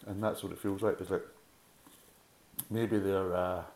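Scottish man, low voice, blunt and sarcastic, swears freely, casual ranting beer review, echoey room. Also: flat delivery, measured pace, darkish tone. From Scotland.

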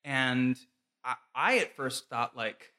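Bright-voiced man in his thirties. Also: mid-range voice, slow. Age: 30s. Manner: chatty, laughing storyteller. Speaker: celebrity guest. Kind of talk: casual chat.

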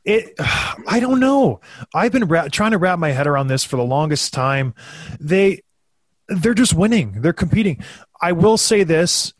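A man in his thirties tells stories in a loose, animated chat, jumping up in pitch when he acts out what others said. His voice sits a bit high for a man. The sound is close and dry, with no room around it. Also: unhurried, no room sound. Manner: animated, acts out quotes in a raised voice. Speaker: former hockey player, podcast co-host. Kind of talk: casual storytelling chat.

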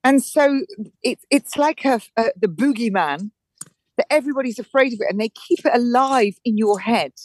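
A woman's voice: fairly high pitch, normal speed, a little mellow, no echo, rough recording. A woman in her forties, a guest in an interview, telling her story emphatically with frequent restarts. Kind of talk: casual interview chat.

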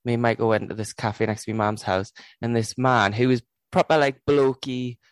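A man from Newcastle, England co-hosts a casual podcast chat, with a pitch that sits in the middle range for a man. He tells animated stories, acting out the quotes in changed voices. The recording is dry and close, with no room sound. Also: moderate pace, clear, resonant tone, dry recording. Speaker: podcast co-host.

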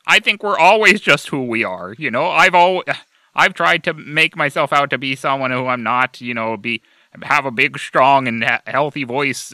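A man playing a sincere, easily moved fire chief who stammers through his thoughts. His voice is bright and sharp and sounds very dry and close. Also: a little high, dry recording, heavily acted. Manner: earnest, stammering, tearful. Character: earnest, weepy male fire chief and historian.

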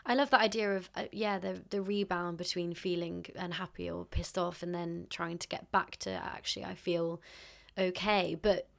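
A woman's voice: fairly low pitch, fairly even intonation, normal speed, vocal fry, hardly any pauses, a bit bright. A woman hosting a podcast interview, speaking thoughtfully and giving short affirmations while she listens. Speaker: podcast host. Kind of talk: conversational interview.

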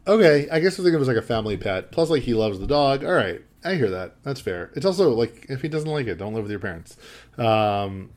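A man's voice: mid-range voice, sing-song, fairly quick, darkish tone. A man co-hosting a podcast, recapping a film in casual chat, rambling with lots of fillers and easy laughs. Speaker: podcast co-host.

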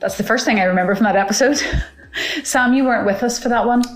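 A woman's voice: a little high, fast talker. A woman hosting a podcast in casual, upbeat chat. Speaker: podcast host. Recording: roomy echo.

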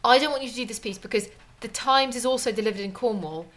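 A woman chatting casually as a podcast co-host, brisk and teasing as she chides her partner. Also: a little high, a bit bright. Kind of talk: casual chat.

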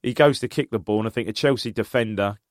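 A man from England co-hosting a casual football podcast, reminiscing about old matches and getting animated as he recalls them. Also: on the low side, fast talker, dry recording, clean studio sound. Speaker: podcast co-host.

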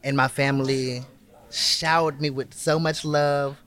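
A man's voice: mid-range voice, flat delivery, unhurried, fairly bright tone. A man speaking as a drag performer in an interview, exuberant and sassy, calling people honey and baby. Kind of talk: animated interview answers.

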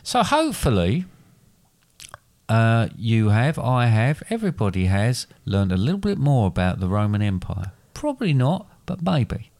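A man's voice: on the low side, very animated, moderate pace, vocal fry, darkish tone. A middle-aged man co-hosting a casual podcast with his son, joking and rambling through playful asides. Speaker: podcast co-host, the father. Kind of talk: casual chat.

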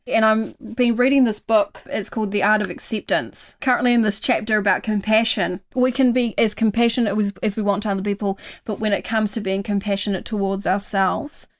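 A young New Zealand woman, a guest, talks earnestly in a casual conversation with a mid-range voice at a moderate pace and few pauses. When she voices kind self-talk, she softens her tone.

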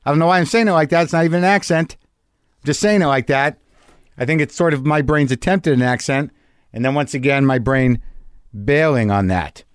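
A man's voice: a little high, dry recording, studio quality. Rambling, wry man hosting a podcast. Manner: wry, self-deprecating, profane. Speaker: podcast host. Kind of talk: rambling solo monologue. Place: home garage studio.

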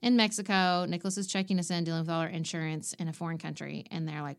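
Podcast cohost, woman, lowish voice, animated personal storytelling. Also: fast, few pauses. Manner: animated, acts out quoted voices. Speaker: podcast co-host.

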